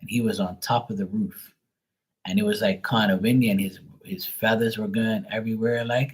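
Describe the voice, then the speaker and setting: A man chatting casually on a tarot livestream, telling stories in a profane, animated way. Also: fairly low pitch, a little fast, rough recording. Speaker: tarot reader.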